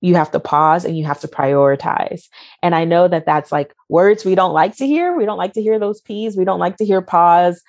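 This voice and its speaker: A woman's voice: on the low side, moderate pace, darkish tone, dry recording, clean studio sound. A woman giving motivational advice as a podcast guest, emphatic and fond of repeating key words. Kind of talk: podcast interview answers.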